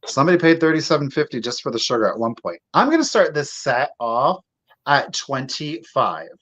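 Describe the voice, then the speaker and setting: A man with a medium-pitched, very animated, slightly bright voice hosts a live online sale, showing each item on camera. Chatty and gushing, he addresses bidders directly with drawn-out exclamations, over slightly dull lo-fi audio.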